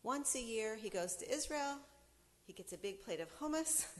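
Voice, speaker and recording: A middle-aged woman from the United States giving a storytelling talk, animated and acting out the people she quotes. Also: a little high, normal speed, big-room sound. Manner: animated storyteller who acts out quoted voices. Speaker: speaker.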